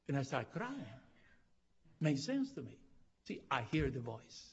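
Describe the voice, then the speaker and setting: A man pastor preaching a sermon, impassioned, with non-native phrasing, rising to loud cries. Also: mid-range voice, big pitch swings, moderate pace, gravelly, breathy edge, highs cut off. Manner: impassioned, swelling to loud cries on key lines. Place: church auditorium.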